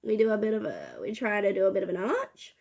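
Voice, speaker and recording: A woman's voice: medium pitch, wildly swooping pitch, fast talker, vocal fry, darkish tone. A young woman chatting casually while doing her makeup, laughing and swearing often. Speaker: beauty vlogger. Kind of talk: get-ready-with-me chat.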